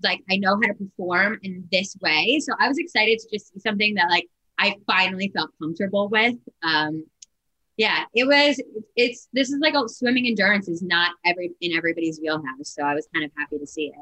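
A woman's voice: mid-range voice, animated, a little fast, sharp tone, low-quality recording. A woman guest in casual podcast chat, candid and rambling, with frequent "like" fillers.

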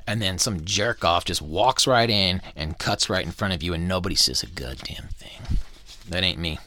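A young man hosts a podcast in a low voice that leaps way up when he shouts and sinks to a grumble when he mutters. He swears through nearly every sentence. The recording is close and dry, with no room sound. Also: no echo. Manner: loud, swearing, shouting rants that drop to muttering. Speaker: podcast host. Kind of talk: profane ranting podcast talk and book reading.

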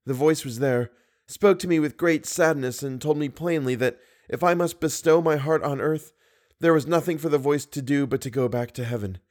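A man reading the part of a devoted, fearful young woman singer in a measured, earnest audiobook reading. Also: fairly high pitch, darkish tone, close to an everyday voice.

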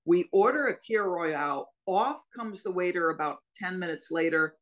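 A woman's voice: fairly low pitch, normal speed, rough recording. A woman sports broadcaster telling a travel story in casual podcast chat, emphatic and laughing often. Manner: storytelling, warm laughs between lines, emphatic.

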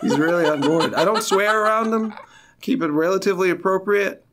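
A man co-hosting a casual comedy chat, grumbling in a gloomy, deadpan way. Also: high voice, brisk, over a noisy crowd. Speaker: podcast co-host.

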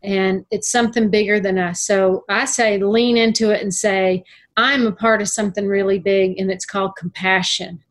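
A woman's voice: medium pitch, fairly even intonation, moderate pace. Earnest, emphatic middle-aged woman. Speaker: guest. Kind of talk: casual conversation.

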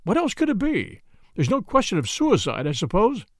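A man voicing an excitable young male secretary who fires off questions in an audiobook reading. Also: high voice, moderate pace, no room sound, clean studio sound, voice pushed up, full character voice. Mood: agitated.

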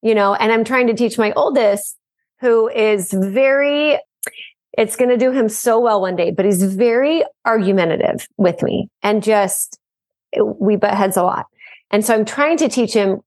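A mom and program co-founder talking as a guest in a casual interview, loud and energetic by nature, telling stories in an animated way. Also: female voice, medium pitch, unhurried, no room sound, clean studio sound.

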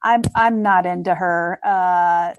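A woman's voice: lowish voice, fairly even intonation, takes it slowly, lo-fi sound, slight background noise. A woman chatting as a guest on a podcast, hedging her opinions with many fillers and restarts. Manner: hesitant, full of fillers and restarts. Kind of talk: casual chat.

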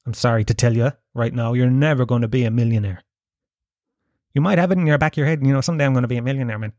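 Man, podcast host, sweary rambling rant, mid-pitched voice, dry sound. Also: fast talker, a little mellow, dry recording. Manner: profane, rambling, laughs at his own jokes. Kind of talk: casual ranting monologue.

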